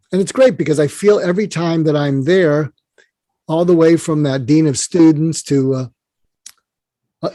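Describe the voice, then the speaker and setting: High-voiced rambling male storyteller. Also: mellow, no room sound. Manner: rambling storyteller, many restarts. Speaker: psychiatrist guest. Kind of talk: conversational interview storytelling.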